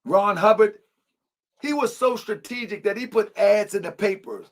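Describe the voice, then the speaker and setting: A man's voice: high-pitched, normal speed. A man hosting an online show, reading aloud and reacting in casual slang with frequent laughter.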